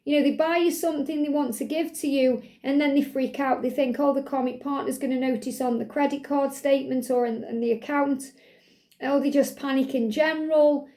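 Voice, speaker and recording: A woman giving a spiritual oracle card walkthrough, gently reading each card's message and reassuring the listener. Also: sits high, fairly even intonation, brisk. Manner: gentle, reassuring, reads card messages aloud then explains them.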